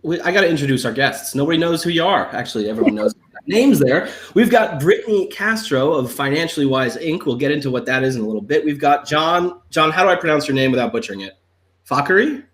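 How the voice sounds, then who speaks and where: A man's voice: on the high side, animated, fast, fairly bright tone. A young man hosting a live online talk show with a desktop microphone, joking and rambling in a self-mocking way. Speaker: host.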